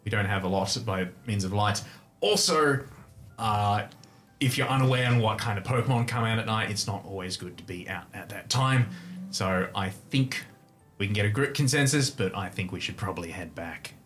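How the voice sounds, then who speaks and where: Measured man playing a tabletop game. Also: on the low side, fairly bright tone, soft background music. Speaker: player. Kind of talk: casual tabletop play.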